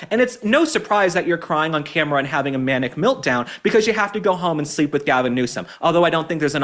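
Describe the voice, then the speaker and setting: Play it as a young man hosting a rant show, slightly high, lively and scornful, firing off sarcastic jabs. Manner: combative, mocking, rapid-fire rants with sarcastic asides. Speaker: political commentary host. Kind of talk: opinionated commentary monologue.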